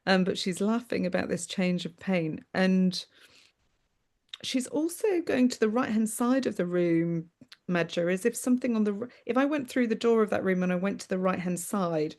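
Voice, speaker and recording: Gentle woman giving a mediumship reading. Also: medium pitch, animated, moderate pace. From United Kingdom. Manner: gentle, affectionate, often says "my darling" and "that's what I'm aware of". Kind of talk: live online mediumship reading. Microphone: video call.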